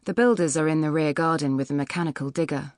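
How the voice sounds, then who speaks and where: A woman reads a first-person novel with a low, measured, even delivery. The recording is close and dry, with no room sound at all. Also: dry recording. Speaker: audiobook narrator. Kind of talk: scripted first-person narration. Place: recording studio.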